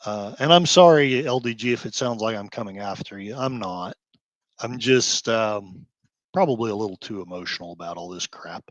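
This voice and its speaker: A man's voice: on the low side, no echo. Heated man ranting on a dull mic. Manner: heated, sighing, quick outbursts between quieter stretches. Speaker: blogger host. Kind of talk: emotional commentary rant.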